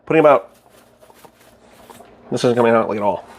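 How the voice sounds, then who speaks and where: A young man casually chatting with his stream chat while cooking, excitable, goofy and loud. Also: medium pitch, brisk.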